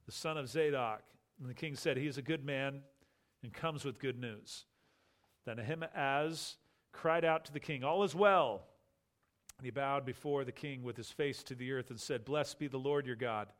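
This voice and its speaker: A man teaching from the Bible, reading scripture aloud and commenting on it in a measured, grave way that slows and softens on sorrowful passages. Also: medium pitch.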